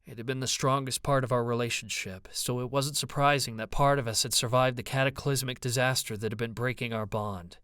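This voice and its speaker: A man's voice: mid-range voice, fairly even intonation, brisk, hardly any pauses, a bit bright, clean tone, no echo, clean studio sound. A man narrating an audiobook in first person, with a brooding, introspective manner.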